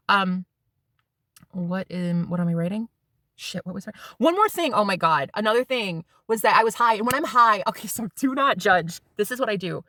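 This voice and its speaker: A woman's voice: medium pitch, pushed and bright, dry recording, clean studio sound. A woman in her thirties telling a rambling, casual story to her vlog viewers and swearing freely. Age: 30s. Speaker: spiritual vlogger.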